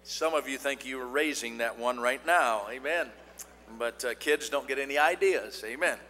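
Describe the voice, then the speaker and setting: A man's voice: medium pitch, normal speed, pushed and bright. A man preaching as a traveling evangelist in a folksy way, peppering his talk with "Amen" and fillers. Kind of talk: sermon. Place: church sanctuary. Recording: long church-hall reverb.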